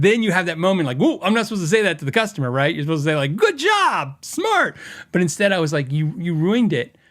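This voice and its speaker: A middle-aged man hosting a casual podcast, with a voice that sits a little high for a man. He rambles through stories with lots of fillers and acts out what people said. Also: a bit bright. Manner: rambling, full of fillers and acted-out quotes. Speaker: podcast host and guitar shop owner.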